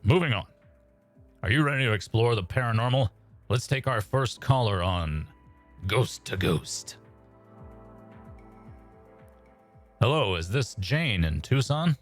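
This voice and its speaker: A man voicing a late-night paranormal radio host in a smooth public-radio narrator manner. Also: mid-range voice, animated, normal speed, faint music behind, natural voice.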